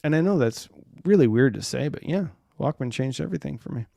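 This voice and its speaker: A man's voice: medium pitch, animated, a little fast, creaky, mellow, dry recording. Casual male live-stream host, forties, rambling chat, dry close sound. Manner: rambling, reads viewer comments aloud.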